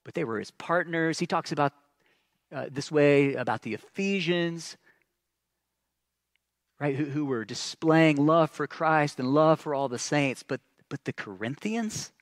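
Earnest preacher man, pitch a bit high. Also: expressive, measured pace, dry recording, clean studio sound. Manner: earnest, emphatic preaching with many repetitions and restarts; drops soft and low at the ends of phrases. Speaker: pastor. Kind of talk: sermon.

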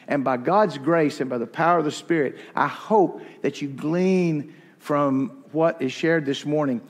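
A man's voice: fairly high pitch, long reverb tail. A man preaching a sermon in a church, folksy and self-deprecating, telling stories with humor. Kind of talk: sermon with personal anecdotes.

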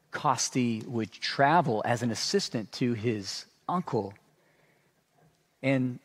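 A man preaching a sermon as a pastor, telling stories and acting out sarcastic asides. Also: mid-range voice. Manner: animated storytelling with sarcastic asides.

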